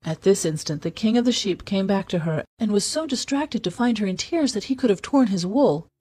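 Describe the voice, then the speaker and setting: A woman narrating a story for English learners in a clear, measured read. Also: medium pitch, expressive, a little mellow. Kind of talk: scripted narration.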